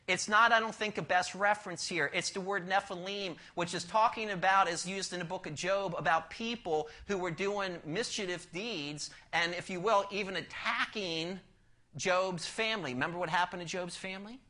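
Bright-voiced man preaching dramatically. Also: high-pitched, normal speed. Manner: dramatic swings from loud emphasis to near-whisper; asks the listeners rhetorical questions. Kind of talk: expository sermon.

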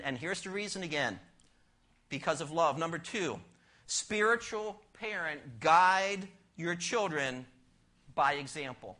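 A male pastor delivering a sermon with emphatic, rhetorical questions, swinging between soft and loud delivery and between fast and slow. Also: a little high.

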